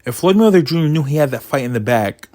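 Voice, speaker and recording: A man giving his opinionated casual commentary on a boxing result, getting animated as he retells funny moments. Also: a little high, fast, no echo, studio quality.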